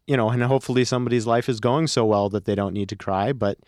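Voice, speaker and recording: A man answering questions as a podcast guest in a measured, thoughtful way. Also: mid-range voice, darkish tone, dry recording, clean studio sound. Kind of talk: casual podcast chat.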